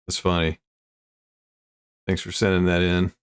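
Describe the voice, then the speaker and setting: Low-voiced man chuckling through casual news. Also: flat delivery, slow, clean tone, dry recording. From United States. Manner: chuckling, rambling, self-interrupting. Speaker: streamer host. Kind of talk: casual news chat on stream.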